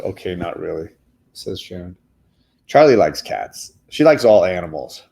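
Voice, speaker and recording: A man's voice: low voice, very animated, moderate pace, vocal fry, warm tone. A man hosting a casual show reviewing comic books with his kids, talking enthusiastically and often restarting his words. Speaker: comic book show host.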